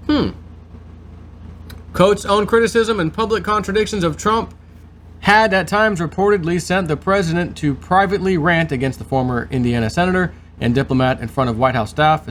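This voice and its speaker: A man's voice: fairly high pitch, slight background noise. A man hosting his show, reading news aloud and breaking off into sarcastic commentary. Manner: reads aloud, then adds sarcastic asides. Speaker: host.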